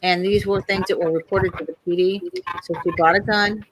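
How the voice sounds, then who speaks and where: A woman's voice: mid-range voice, fairly quick, background noise. A woman hosting a casual online talk show, chatty and storytelling, acting out the people in her stories. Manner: chatty, storytelling, quotes others in lively voices.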